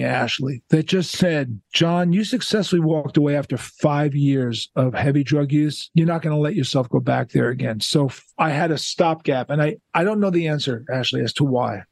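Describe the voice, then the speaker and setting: An older man from the United States tells a long personal story as a podcast guest, bringing the quoted lines to life in a lively way. His voice sits fairly high for a man, and the recording is dry and close, with little room sound. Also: dry recording. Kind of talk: casual storytelling interview.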